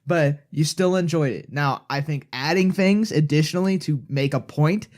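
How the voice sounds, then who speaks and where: A man's voice: fairly high pitch, normal speed, a little mellow. A man co-hosting a casual podcast, talking in a rambling, opinionated way full of restarts and asides. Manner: rambling, self-correcting, opinionated. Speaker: co-host.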